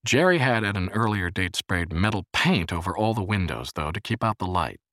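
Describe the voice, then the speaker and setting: A man narrating an audiobook in a very deep voice with lively, rolling intonation. His reading is measured and expressive, recorded dry and close to the mic. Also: no echo.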